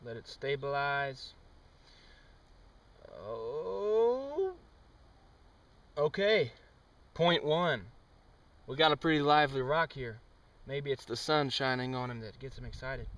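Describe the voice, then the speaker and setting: A young man giving a deadpan, mock-serious comic monologue outdoors, with sudden loud outbursts. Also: mid-range voice, slow pace, long pauses, far from the mic. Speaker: amateur experimenter. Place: outdoors on a trail.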